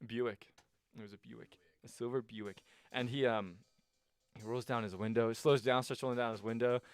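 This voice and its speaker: A young man in his twenties, a podcast co-host, telling a story in a casual, animated way with laughs and swearing. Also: medium pitch, normal speed, clear, resonant tone, faint music behind.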